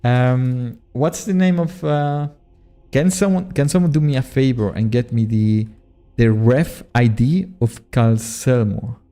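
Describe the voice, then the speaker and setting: A man's voice: medium pitch, fairly even intonation, measured pace, dark tone. A man streaming a game, chatting casually with viewers, swearing and poking fun at himself. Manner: casual, self-deprecating, swears often, laughs at himself. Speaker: streamer and modpack creator. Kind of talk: casual live-stream gameplay chat.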